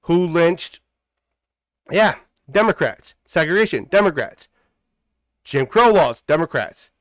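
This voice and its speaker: A man's voice: fairly high pitch, big pitch swings, slow pace, dry recording. A man hosting a political commentary podcast, talking in a heated, preachy way and repeating phrases for emphasis. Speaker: podcast host.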